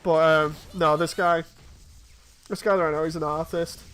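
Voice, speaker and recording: A man's voice: on the high side, fairly even intonation, normal speed, a bit bright, clean tone. A man in his thirties, chatting casually and telling rambling stories while streaming a game. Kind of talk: casual chat while playing.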